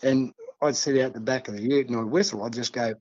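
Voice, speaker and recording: A man's voice: mid-range voice, fairly even intonation, fairly quick, darkish tone, dull audio, slight background noise. An older man with an Australian accent, telling stories in a rambling, folksy way as a podcast guest. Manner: rambling, folksy, peppers talk with "see" and "mate". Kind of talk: casual storytelling.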